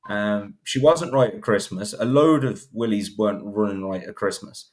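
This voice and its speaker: A man's voice: on the low side, normal speed, darkish tone. A man giving blunt, opinionated horse racing takes on a casual podcast, often restarting sentences. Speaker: podcast panelist.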